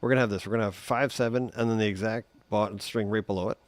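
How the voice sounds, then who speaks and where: Laid-back guitar teacher man, low voice. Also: fast, no room sound. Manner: relaxed, chatty, sings note sounds. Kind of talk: casual live-stream guitar lesson.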